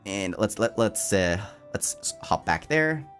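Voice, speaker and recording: Reading his chat out loud and answering, a male streamer keeps things casual, animated and playful. Laughter comes quickly, his pitch leaps about energetically, and excitement trips up his words. Soft music plays quietly underneath.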